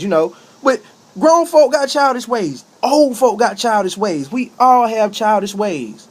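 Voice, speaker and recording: Man, high voice, impassioned monologue, repetitive, emphatic outbursts. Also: animated, normal speed. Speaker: street preacher giving a talk.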